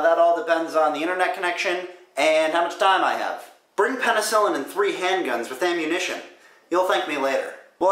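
A young man with a high, bright voice runs through viewer questions and answers with quick, crude jokes. His casual comic delivery bounces off the walls of an echoey room. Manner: joking, crude, quick comebacks. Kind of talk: casual comedic Q&A.

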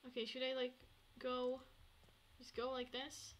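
A woman streaming a game, chatting to herself and swinging between hushed murmurs and excited outbursts. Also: high voice, unhurried, slight background noise. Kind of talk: casual gameplay commentary.

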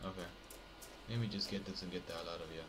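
Young male gamer, lowish pitch, jokey commentary that turns to yelps and mutters; noisy home recording. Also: fairly even intonation, fast. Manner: jokey, jumpy, talks to viewers, swings between mutters and yelps. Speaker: gameplay commentator. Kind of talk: horror game commentary.

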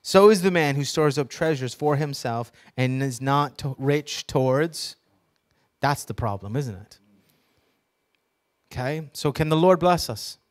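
A man's voice: mid-range voice, lively intonation, unhurried. A man preaching a sermon to a congregation, reading scripture with emphasis and teaching by asking the audience questions, with joking asides. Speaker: pastor.

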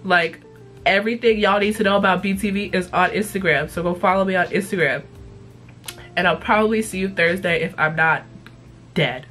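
A young woman with a stuffy, congested voice talks straight to camera in a loose, unscripted vlog. She is blunt and animated, swearing casually as she chats with her viewers. Soft music runs faintly underneath. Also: mid-range voice, brisk. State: congested from illness. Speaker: YouTube vlogger.

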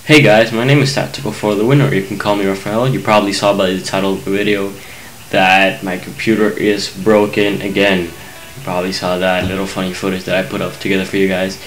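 A man's voice: low voice, little pitch movement, a little fast, faint music behind, low-quality recording. A young man venting in a casual vlog rant to his viewers, angry, rambling and swearing a lot. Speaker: YouTube gamer venting to viewers.

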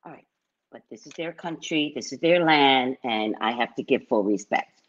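A middle-aged woman from California, telling stories in an animated, chatty live-stream chat. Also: a bass voice, moderate pace. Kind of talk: casual storytelling chat. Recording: dull lo-fi recording.

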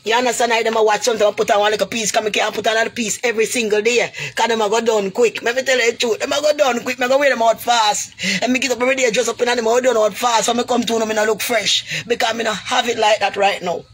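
A fairly high, steady female voice with a breathy edge moves at a quick pace. The Jamaican-accented vlogger gives an emotional, pleading, preachy monologue to camera in heavy creole grammar, calling viewers "goody."

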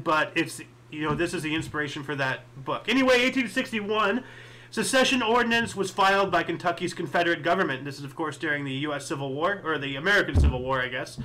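A man with a high, bright voice hosts a casual history show. He reads off dates and events, then rambles through asides full of fillers and second thoughts. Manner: rambling, thinks aloud with many fillers and asides. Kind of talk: casual solo commentary reading history events.

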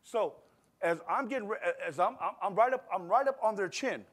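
A middle-aged man preaching a sermon in a church service, telling a personal story in a conversational, animated way and swinging between quiet and loud. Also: high-pitched, fairly quick. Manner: animated, conversational, acts out scenes with shifting loudness. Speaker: pastor.

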